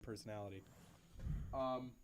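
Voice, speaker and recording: A young man co-hosting a podcast in casual chat, animated and swearing freely as he riffs. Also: fairly low pitch, moderate pace, a little hiss or hum. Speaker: podcast co-host.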